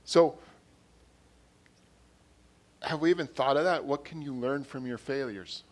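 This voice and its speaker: A man preaching a sermon in an earnest way, repeating his phrases and growing louder when he reads quotes and scripture. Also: mid-range voice, a little slow.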